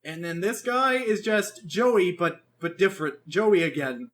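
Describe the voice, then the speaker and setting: A man with a high voice co-hosts a casual podcast chat. He talks in an animated, rambling way, swears freely and restarts his sentences often. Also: measured pace. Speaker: podcast co-host reviewing an anime.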